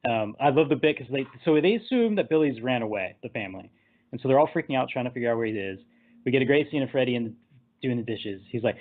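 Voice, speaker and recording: A man's voice: medium pitch, lively intonation, fast talker. A man hosting a casual movie discussion, rambling through the plot scene by scene and laughing at his own jokes. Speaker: podcast host. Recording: tinny phone-like line.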